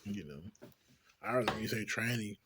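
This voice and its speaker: A man's voice: lowish voice, animated, brisk, background noise. A man talking to camera in a casual, rambling vlog monologue, swearing freely and filling his talk with "like". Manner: profane, rambling, heavy use of "like"; laughs often between thoughts. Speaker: vlogger.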